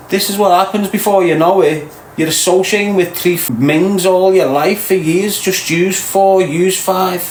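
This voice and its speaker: A man's voice: high voice, fairly even intonation, moderate pace, reverberant, slight background noise, low-quality recording. A man from Liverpool with a Scouse accent, hosting a live stream and lecturing his viewers bluntly. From Liverpool, England. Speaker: podcast host.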